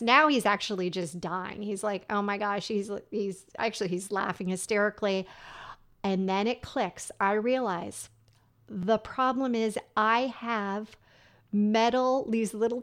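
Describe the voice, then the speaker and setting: A woman hosting a podcast, telling a funny personal story in a chatty way and laughing along as she goes. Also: medium pitch. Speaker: podcast host.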